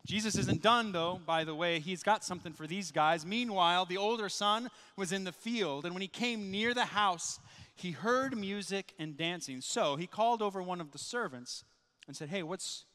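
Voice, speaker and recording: A man preaching a sermon as pastor, telling the story with animated energy and acting out the people he quotes. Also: high voice, moderate pace. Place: church sanctuary. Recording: reverberant church hall.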